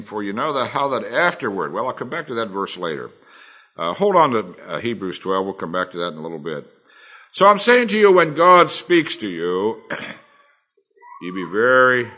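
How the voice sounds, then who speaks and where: A man preaching a sermon, earnest and emphatic, swinging between loud and soft. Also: fairly low pitch, husky, highs cut off.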